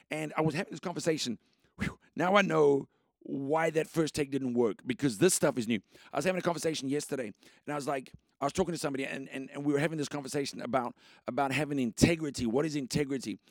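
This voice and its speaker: A gravelly, fairly high-voiced man pumps up his podcast listeners with repetitive, preacher-like motivation and bursts of shouting. He is running on little sleep but stays energetic. The recording is close and dry. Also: dry recording. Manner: excitable, repetitive, preacher-like cadence with sudden shouts. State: short on sleep. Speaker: podcast host. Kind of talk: energetic motivational faith talk.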